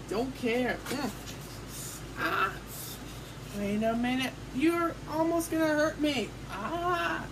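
Here is a woman with a high voice who talks slowly and playfully, breaking into squealy exclamations as she voices toy characters in a homemade skit. Steady hiss sits under the home recording. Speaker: hobby video host voicing toy characters.

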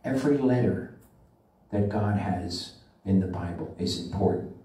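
A man, a rabbi, delivering a sermon with emphatic preaching that slows and swells on scripture, recorded in a synagogue sanctuary. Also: low-pitched, warm tone. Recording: echoey room from far off the mic.

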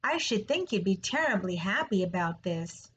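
A woman's voice: mid-range voice, very animated, normal speed, a bit bright, a little hiss or hum, low-quality recording. A woman voicing an innocent, eager young male pig in a storybook read-aloud, asking earnest questions. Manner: wide-eyed, earnest questions.

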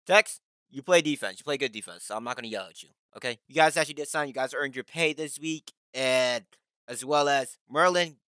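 The recording is echo-free, and the man's voice is smooth and medium-pitched. In playful Rocket League commentary, the gaming YouTuber poses as a pretend team owner, hyping, yelling and mock-scolding his teammates.

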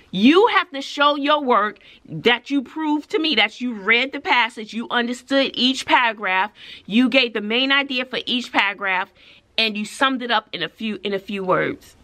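A woman's voice: a little high, moderate pace. A middle-aged woman, a schoolteacher, telling a story in a casual, sassy and emphatic way. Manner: animated, sassy, emphatic, tosses in "honey" and "child". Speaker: vlogger and schoolteacher.

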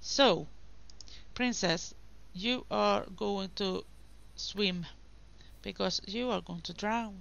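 A woman's voice: medium pitch, slow pace, creaky, fairly bright tone, highs cut off. A woman hosting a gaming video, giving casual commentary and chatting to the game characters.

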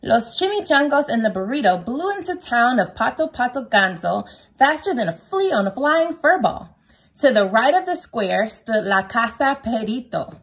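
A woman reading a children's picture book aloud at home, lively and playful, with a sing-song delivery. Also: fairly high pitch, normal speed, husky.

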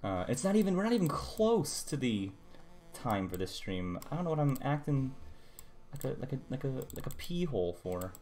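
A man's voice: medium pitch, very animated, normal speed, darkish tone. A young man streamer chatting casually while he draws, rambling and muttering to himself about his work. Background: music playing.

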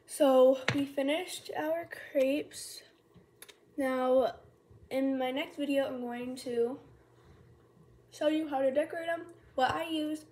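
A woman casually talking through a cooking tutorial at home, chatty and self-mocking, thinking aloud as she goes. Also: high-pitched. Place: home kitchen. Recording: kitchen fan noise behind. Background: loud kitchen fan.

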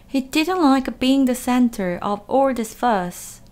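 A woman reading a children's story aloud in a gentle, expressive way. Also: high-pitched, slow pace.

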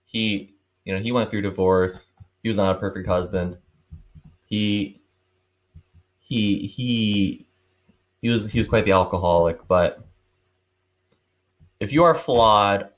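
A man's voice: low-pitched, measured pace, long pauses. A man in his twenties giving a casual one-take book review, rambling and swearing as he talks. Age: 20s. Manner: rambling, swearing, laughing often.

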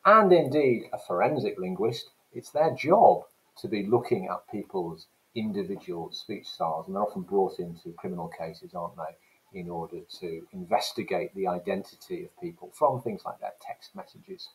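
A lowish-voiced man teaching English language in a recorded lesson. He explains each term with steady emphasis and sometimes mimics regional accents as examples. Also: moderate pace, poor audio.

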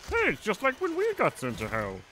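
A man's voice: high-pitched, wildly swooping pitch, fairly quick, pushed and bright, a little hiss or hum, pitched above the performer's own voice, heavily acted. A man putting on a second, teasing sidekick voice that banters with him in dry asides.

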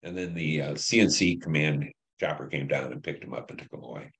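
Older man, deep voice, blunt and profane, telling war stories in an interview. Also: brisk, creaky, a bit bright. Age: 70s. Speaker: Vietnam veteran interviewee. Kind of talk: recounting war memories.

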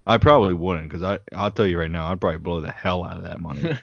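Joking lower-voiced American man. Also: creaky, no echo, muffled recording. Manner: jokey, throws in quick one-liners. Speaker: podcast co-host. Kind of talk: casual podcast banter.

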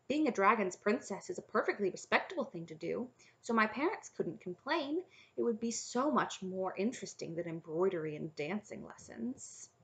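A woman's voice: medium pitch, animated, moderate pace, close to an everyday voice. Woman voicing a spirited young princess. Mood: eager. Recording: slightly dull lo-fi audio.

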